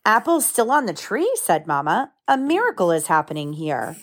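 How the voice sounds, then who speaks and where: A woman's voice: medium pitch, very animated, moderate pace. A woman in her thirties reading a picture book aloud to her children at home, stopping to explain the story in plain words.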